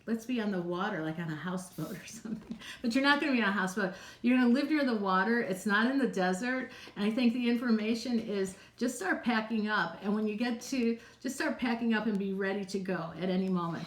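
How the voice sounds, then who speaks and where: A woman psychic chatting casually on a live stream, answering viewers' questions in a rambling way with frequent laughs. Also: mid-range voice. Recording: roomy, echoey room sound.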